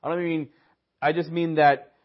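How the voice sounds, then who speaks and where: A man's voice: on the high side, flat delivery, normal speed. A man teaching at a church in a conversational sermon style, with casual asides and personal stories. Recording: dull lo-fi audio.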